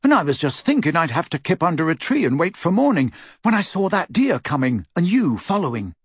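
Brief: male reader as awkward teen boy wizard, pitched high and strained, lively, storybook read. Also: a little fast, husky, no room sound, clean studio sound. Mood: explaining.

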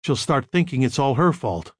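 A man voicing a calm, controlled counselor who gives quiet, measured instructions. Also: medium pitch, slightly rough. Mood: firm.

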